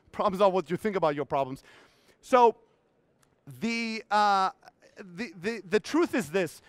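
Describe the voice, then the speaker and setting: A man's voice: extremely high pitch, fairly bright tone, clean tone, dry recording. Blunt, profane man on a conference stage. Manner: blunt, profane, acts out his inner voices. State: strained voice. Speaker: keynote speaker. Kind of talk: motivational stage talk.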